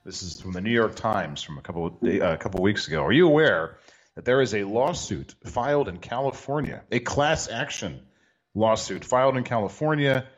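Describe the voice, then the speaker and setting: A man's voice: on the low side, lively intonation, fairly quick, dull audio. A man hosting a podcast, joking in a dry, sarcastic way in casual chat. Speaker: podcast host.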